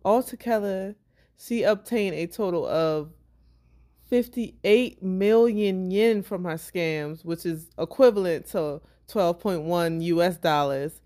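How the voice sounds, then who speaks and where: A woman co-hosting a podcast in casual chat, laid-back and quick to laugh. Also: lowish voice, dark tone. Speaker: podcast co-host.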